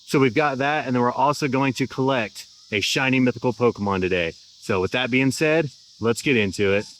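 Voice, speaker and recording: A man's voice: medium pitch, fairly quick, noisy background. A man hosting his game channel, giving upbeat, chatty play-by-play commentary. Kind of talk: casual gameplay commentary.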